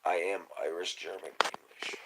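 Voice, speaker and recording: Man, lowish voice, rambling livestream talk, profane, conspiratorial, trails off into mumbles. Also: flat delivery, normal speed, very noisy. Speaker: livestream host.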